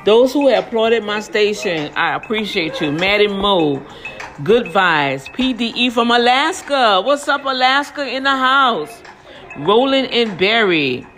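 A woman hosting her own station, giving casual motivational talk and shout-outs, lively and slangy, speaking blessings over listeners. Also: medium pitch, measured pace. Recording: music playing behind.

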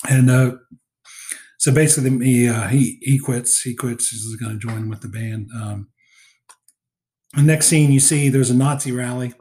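A man talking through a movie in a loose, rambling way, leaning on fillers and restarts as he goes. His pitch sits in the middle for a man, and he sounds relaxed and conversational, like a podcast co-host chatting with a friend. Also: moderate pace, long pauses. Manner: rambling recap with many fillers. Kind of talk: casual film discussion.

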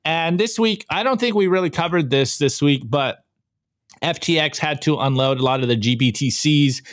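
A man's voice: a little high, moderate pace, dry recording. A man hosting a live show in a casual, upbeat way, reading out posts and chatting about them with the odd laugh. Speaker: podcast host reviewing memes. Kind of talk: casual live-stream chat.

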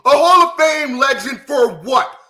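A man co-hosting a wrestling talk show, ranting and shouting in exasperation. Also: extremely high pitch, unhurried, noisy background. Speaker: podcast co-host.

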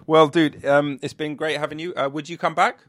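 A man's voice: on the high side, flat delivery, a little fast, a bit bright, no echo, studio quality. A man hosting a podcast, chatting casually and laughing often in a rambling, laid-back way. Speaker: podcast host. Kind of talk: casual chat.

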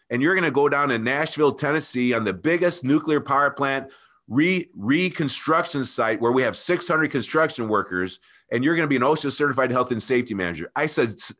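Speaking with a mid-range voice, a man appearing as a podcast guest recounts a personal, emotional experience. He's earnest and animated and keeps calling the host by name.

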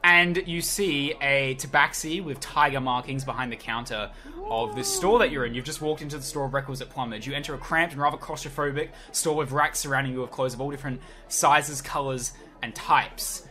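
A man's voice: medium pitch, a little fast, pushed and bright. A man narrating as dungeon master of a tabletop game, easygoing and laughing often. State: tired.

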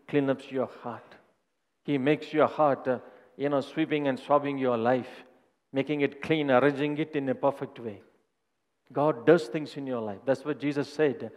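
A man's voice: mid-range voice, darkish tone, big-room sound. A male pastor giving an earnest sermon and personal testimony, often repeating phrases as he builds a point.

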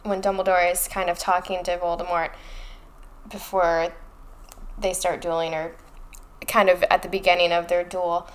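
A woman's voice: fairly low pitch, little pitch movement, moderate pace, long pauses. A woman co-hosting a casual podcast chat, talking things through thoughtfully and reading passages aloud. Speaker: podcast co-host.

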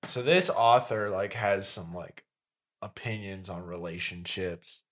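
A man's voice: sits low, unhurried, fairly bright tone. A young man in casual podcast chat who reacts with disbelief and makes wry jokes. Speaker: podcast co-host.

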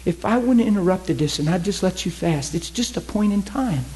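A man voicing God as a gentle, fatherly male spirit, speaking low, slow and earnest while retelling a story in a sermon. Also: poor audio. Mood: gently correcting. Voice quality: low, soft, calm.

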